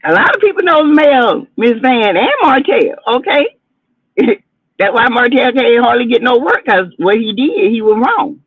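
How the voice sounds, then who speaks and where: A woman's voice: a little high, very animated, a little slow, breathy edge, no room sound. A sassy woman chats through reality-show gossip on her livestream. Her delivery is chatty and dramatic. The sound is tinny and phone-like, with a dry, close feel. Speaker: livestream host. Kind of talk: casual gossip commentary livestream.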